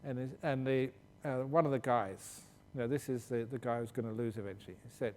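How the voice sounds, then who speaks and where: Jokey monk teaching in a reverberant hall. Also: male voice, brisk, hardly any pauses, darkish tone. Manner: humorous, laughs while telling stories. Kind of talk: answering questions at a meditation retreat. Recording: long hall reverb with faint low rumble.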